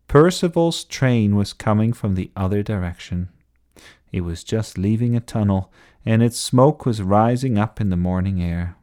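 A man reading a children's bedtime story aloud in an expressive storybook style. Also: on the low side.

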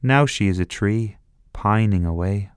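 A man voicing a lonely old woman neighbour telling a spooky tale, slow and storytelling. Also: lowish voice, smooth, dry recording, studio quality, natural voice.

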